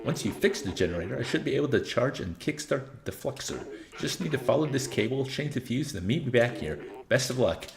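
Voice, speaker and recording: A man's voice: medium pitch, expressive, fast talker, gravelly. A man reading as a lonely old robot inventor. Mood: instructing. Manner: reads game text aloud, earnest and warning. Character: lonely older male robot inventor, fretful.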